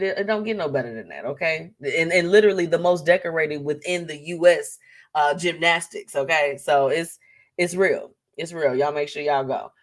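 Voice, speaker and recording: Woman, live show host, casual chat, frequent laughter, slangy, animated pitch swings.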